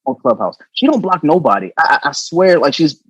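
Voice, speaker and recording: A middle-aged man co-hosting a podcast, chatting loosely and profanely with animated storytelling. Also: on the high side, brisk, breathy edge, no echo, dull audio. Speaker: podcast co-host. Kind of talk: casual podcast chat.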